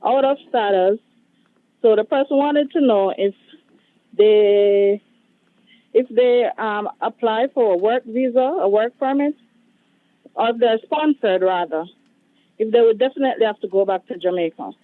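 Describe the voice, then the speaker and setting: A woman's voice: on the high side, a little slow, long pauses. Polite woman caller on a tinny phone line. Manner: polite, hesitant. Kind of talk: phone call to a radio show.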